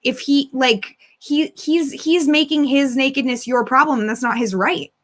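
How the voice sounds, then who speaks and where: A woman's voice: high-pitched, fairly even intonation, normal speed. A woman hosting a casual comedic advice show over a video call, blunt and emphatic, swearing casually as she gives advice.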